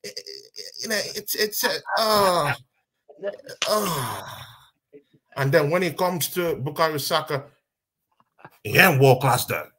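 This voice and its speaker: A man co-hosts a casual football podcast, his husky voice swinging up and down in pitch. He sounds exasperated and goes over the same point again and again, in an animated way. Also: measured pace. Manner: animated, exasperated, repeats himself. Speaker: podcast co-host.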